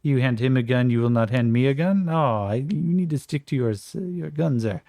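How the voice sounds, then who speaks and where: A man's voice: medium pitch, lively intonation, moderate pace, warm tone, no room sound, lightly acted. A man voicing a prickly, complaining Frenchman in a solo tabletop game, with a put-on French accent. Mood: indignant. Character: prickly French male gunslinger, whiny.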